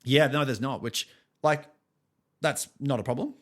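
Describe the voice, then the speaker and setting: A man's voice: mid-range voice, unhurried. A young man co-hosting a music podcast, teasing his co-host in dry, casual chat. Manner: dry, teasing, laughs easily.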